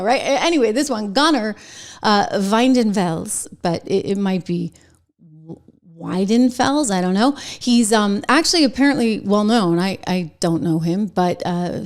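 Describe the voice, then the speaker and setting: Sarcastic, animated woman commentator. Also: medium pitch. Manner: animated, sarcastic, laughs often. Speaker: host of an online news commentary show. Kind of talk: casual opinion commentary to camera. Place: home studio. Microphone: close mic facing a camera.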